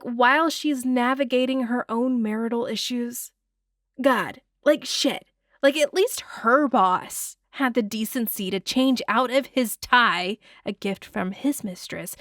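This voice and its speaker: A woman hosting a casual film breakdown, expressive and gushing, swearing freely with sighs and laughs. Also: high-pitched, dry recording, clean studio sound. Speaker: film reviewer, host.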